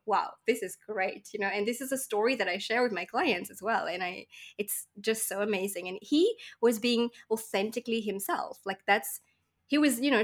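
A woman from Mauritius telling lively stories as a guest in a casual interview, acting out the people she met. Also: medium pitch. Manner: animated storyteller, acts out voices and laughs often. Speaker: podcast guest.

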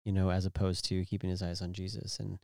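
A man guesting in a casual church podcast chat, gentle and reassuring, with repetitions. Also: sits low, completely flat delivery, quick pace, creaky, no room sound, studio quality.

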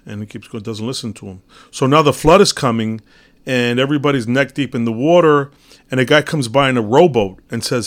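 A man's voice: mid-range voice, fairly quick. A man giving a casual, rambling monologue on spiritual teachings, telling a parable with many fillers and restarts.

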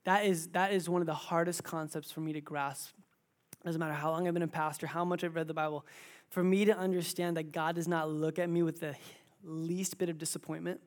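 In church, a pastor in his thirties preaches a sermon, shifting between quiet, intimate asides and loud, emphatic exclamations. His voice is a little high and level in tone, and he moves briskly.

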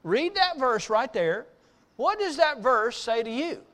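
High-pitched guy preaching slow, asking the room questions and hammering each answer home. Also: very animated, a bit bright. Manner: emphatic call-and-response, slowing to read verses aloud. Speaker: pastor teaching a Bible class. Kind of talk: sermon with fill-in notes.

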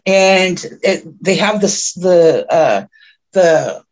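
A woman guest on a podcast, telling a long personal story in a rambling way with many restarts, who gets excited at the tense parts. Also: drawn-out words, lo-fi sound. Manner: grows excited and high-pitched when telling the tense parts. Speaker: podcast guest, self-described oracle.

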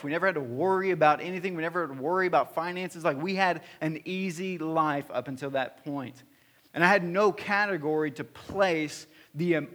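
A man's voice: on the high side, a bit bright. A man in his thirties, a pastor, preaching in an earnest, personal storytelling way with frequent restarts and fillers. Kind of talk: sermon storytelling. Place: church hall.

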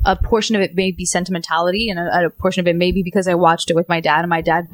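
A man in casual chat who talks quickly and keeps restarting his sentences. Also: sits high, level tone.

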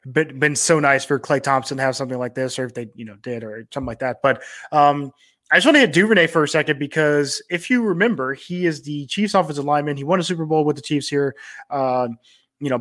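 Laid-back man co-hosting a podcast. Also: medium pitch. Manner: relaxed, loose delivery with many fillers. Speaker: podcast co-host. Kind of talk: casual sports tech chat.

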